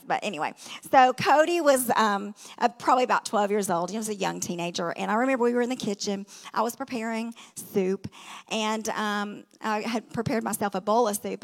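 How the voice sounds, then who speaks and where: A middle-aged woman tells stories from the pulpit in a chatty, conversational way, leaning on asides and rhetorical questions. Her voice sits a little on the high side. The long reverb of a large hall trails after her words. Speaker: guest speaker. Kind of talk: storytelling sermon.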